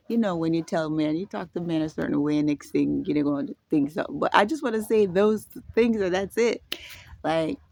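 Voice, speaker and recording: A woman vlogging at home in a casual, rambling way, halting and restarting, breaking into laughter. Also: mid-range voice, no echo. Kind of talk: casual spoken reflection. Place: indoors at home.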